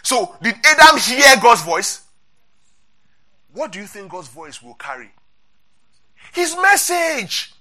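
A man's voice: sits high, very animated, measured pace, long pauses, bright, forceful tone. A man preaching an interactive Bible sermon, asking his congregation questions and repeating key points.

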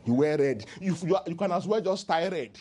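In a brisk, somewhat high voice, a male pastor preaches animatedly, joking with the congregation and prompting their call-and-response.

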